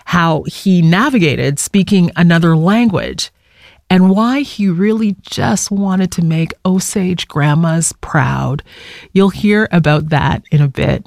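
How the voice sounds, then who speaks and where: A man's voice: fairly high pitch, creaky, a little mellow, no room sound, clean studio sound. Conversational male radio host. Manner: conversational storytelling. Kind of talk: radio show hosting.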